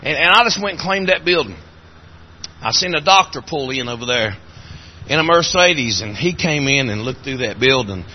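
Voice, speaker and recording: A man with an Appalachian accent preaching a sermon, telling folksy stories in a voice that climbs high and cracks when he is moved. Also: animated, normal speed, muffled recording, slight background noise.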